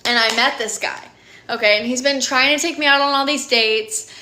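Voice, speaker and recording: A woman in her thirties tells a personal story with earnest, animated energy, leaning on "like" and "literally". Her voice is bright and a little high. The recording carries a noticeable room echo. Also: moderate pace, slight background noise. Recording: echoey room.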